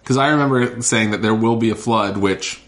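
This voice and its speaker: Low-voiced man in casual chat. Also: brisk, vocal fry, slight background noise. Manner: joking, puts on voices for bits. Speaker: podcast co-host.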